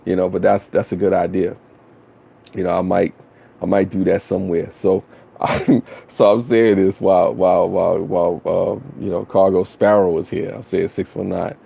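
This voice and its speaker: A man's voice: low-pitched, flat delivery, moderate pace, gravelly, dark tone, husky. A man chatting casually with viewers on a live stream, laid-back and slangy, rambling with lots of fillers.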